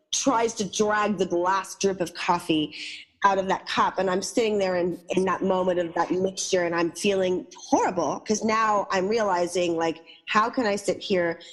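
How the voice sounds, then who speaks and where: A woman in her forties on a talk radio show, telling a personal story and acting out the quoted lines. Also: medium pitch. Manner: animated storyteller who acts out quoted lines.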